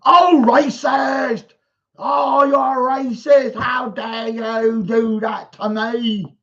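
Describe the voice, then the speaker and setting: A man mocking a rival as a whining grown man who shouts and fake-sobs that he is the victim of racism. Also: little pitch movement, drawn-out words, heavily acted. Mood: mock-sobbing. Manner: shrill, mock-sobbing, shouting. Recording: dull lo-fi recording.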